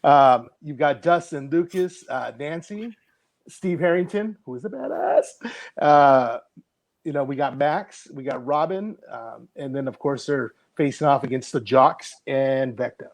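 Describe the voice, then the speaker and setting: A middle-aged man co-hosting a casual podcast chat, lively and quick to laugh. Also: medium pitch, gravelly. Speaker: podcast co-host.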